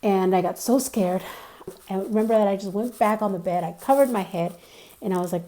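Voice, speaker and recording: Woman vlogger telling her story, warm mellow voice, lots of likes and you knows, super earnest. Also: mid-range voice, brisk. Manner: chatty, many fillers and asides; earnest, insists she is telling the truth. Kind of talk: casual storytelling.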